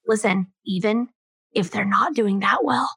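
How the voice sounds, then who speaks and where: Bright, animated woman podcast co-host. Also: mid-range voice, measured pace, slightly rough, dry recording, studio quality. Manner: animated, acts out quotes with exaggerated enthusiasm. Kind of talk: casual chat.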